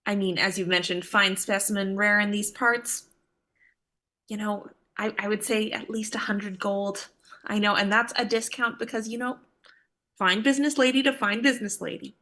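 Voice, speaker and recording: A woman's voice: medium pitch, fairly even intonation, normal speed, pushed and bright. A woman voicing a shrewd trader who haggles in a coy, wheedling, playful way. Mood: haggling.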